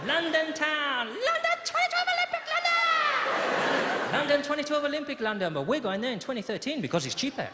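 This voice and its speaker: Man doing a mock-Spanish dad, singsong and overeager, lively high voice, roaring crowd. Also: rapid-fire, few pauses, very noisy. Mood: excited. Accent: put-on Spanish accent. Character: cheerful Spanish family father talking to his son. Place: large theatre stage. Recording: echoey hall, loud audience laughter.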